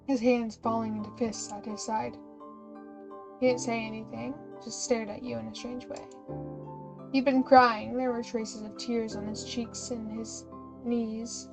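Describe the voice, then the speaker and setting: Young female streamer, chatty narrator, gravelly fry, music bed. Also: a little high, rough recording. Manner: giggly, chatty, self-interrupting. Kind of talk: reading a story game aloud with chatty asides.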